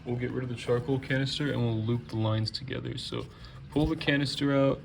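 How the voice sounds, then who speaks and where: A car restoration hobbyist vlogger works in his garage, casually talking through his car repairs step by step. His mid-range voice is brisk and creaky, and there's background noise. He sounds relaxed and chatty as he narrates the how-to.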